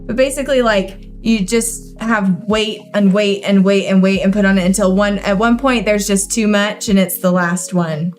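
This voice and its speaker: A woman's voice: mid-range voice, fairly even intonation, moderate pace, few pauses, a little mellow, faint music behind. A young woman co-hosting a livestream in casual chat, playfully teasing and explaining old sayings. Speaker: co-host of livestream.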